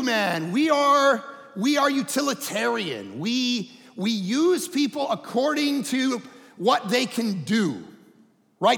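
Animated high-voiced male pastor. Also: gravelly, long reverb tail. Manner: animated storytelling with shouted quotes. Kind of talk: sermon. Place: church auditorium.

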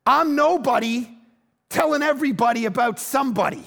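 A man preaching a sermon as pastor, telling lively personal stories and swinging from loud, punchy lines to low, quiet ones. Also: a little fast, vocal fry.

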